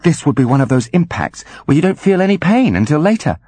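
A man's voice: on the high side, sing-song, fast talker, dark tone, no room sound, voice pushed up. A man voicing a dazed young woman police captain, speaking breathlessly.

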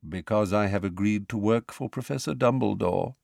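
A man voicing a calm, aloof male centaur teacher in an audiobook, speaking slowly and measured. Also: lowish voice, vocal fry, no echo, studio quality. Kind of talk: audiobook character voice.

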